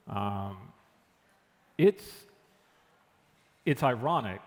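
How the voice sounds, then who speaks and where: A man being interviewed, telling stories in an animated way and acting out the people in them. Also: on the low side. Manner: animated retelling, acts out what others said. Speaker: guest, engineering director. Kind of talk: conversational interview storytelling. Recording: long hall reverb.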